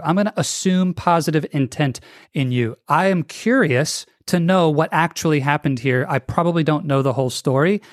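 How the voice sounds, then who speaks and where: A man being interviewed as a podcast guest talks energetically and acts out the voices of people he quotes. His voice is a little high, with clean studio sound and no room sound.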